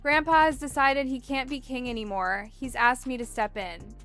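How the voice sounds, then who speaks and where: A loyal, dutiful prince pleads earnestly, as a woman narrator reads him. The voice is high and bright, with faint music underneath. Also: steady tone, normal speed.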